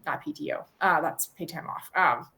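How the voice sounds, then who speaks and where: Her voice sits low, gravelly, pushed and bright, moving at a moderate pace. She's a podcast guest in her 30s, giving an earnest, reflective interview full of fillers and frequent restarts.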